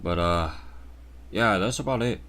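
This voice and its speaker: A man's voice: sits low, a little slow, fairly bright tone. A man hosting his channel and giving reaction commentary in a sarcastic mock rant that turns blunt and profane. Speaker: channel host.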